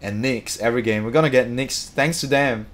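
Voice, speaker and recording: Chatty excitable male streamer. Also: mid-range voice, a little fast. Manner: excitable, chatty, drops filler "man". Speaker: streamer reading viewer comments. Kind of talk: casual live-stream chat.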